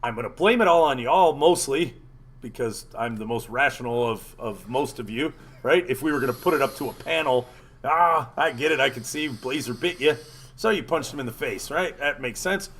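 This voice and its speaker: A man hosting a casual talk show, telling a story in an animated, profane way. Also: medium pitch, moderate pace. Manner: animated, profane, acts out quotes. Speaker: podcast host.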